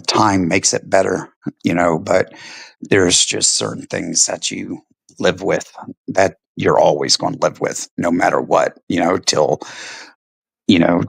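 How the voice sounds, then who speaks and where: Low gravelly-voiced man telling stories. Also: no echo, rough recording. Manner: laid-back, swearing, storytelling with frequent "you know" and "right". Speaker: stream co-host, veteran. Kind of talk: casual chat.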